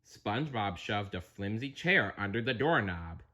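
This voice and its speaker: Guy reading a kids story aloud, low voice, slow, chatty asides, bit husky. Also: very animated, sharp tone, lo-fi sound. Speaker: narrator.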